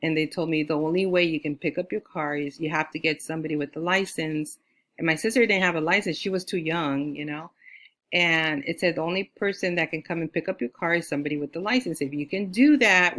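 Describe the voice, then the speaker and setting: Female astrologer from California, lowish voice; rambling casual storyteller who acts out quotes. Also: fairly quick, fairly bright tone. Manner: chatty, with many fillers like "you know"; acts out quoted lines in a higher voice.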